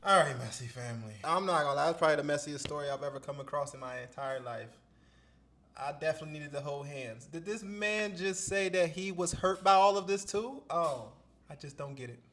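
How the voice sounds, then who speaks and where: Blunt man reacting with slightly high voice. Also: animated, brisk. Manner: blunt, loud, swearing. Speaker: reaction host. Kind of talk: casual reaction commentary.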